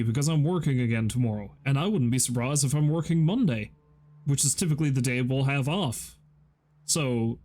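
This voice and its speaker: A man's voice: medium pitch, moderate pace, darkish tone. A tired young man from Canada rambling wryly through a casual game stream. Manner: rambling, wry and self-deprecating. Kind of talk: casual gaming stream chat.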